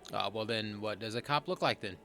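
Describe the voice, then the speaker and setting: A man voices his character's dialogue and drops sardonic jokes and casual swears while commentating a let's play. His lowish voice is bright and forceful with vocal fry, moving fairly quickly over faint background music.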